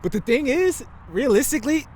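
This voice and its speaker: A man's voice: very high-pitched, sing-song, a little fast, a little mellow. A young man co-hosting a casual podcast chat, slangy and laid-back, often laughing. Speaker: podcast co-host.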